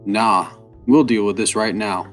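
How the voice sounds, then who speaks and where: A man voicing a hostile male tavern brawler who sneers and shouts threats in a fantasy story. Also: on the low side, steady tone, unhurried, soft background music. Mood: menacing.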